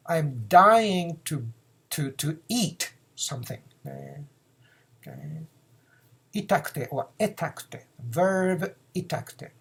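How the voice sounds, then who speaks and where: A man's voice: a little high, lively intonation, slow pace, vocal fry, a bit bright, husky. A man, teaching phrases in a casual lesson, repeating words and acting out example lines. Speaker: Japanese teacher.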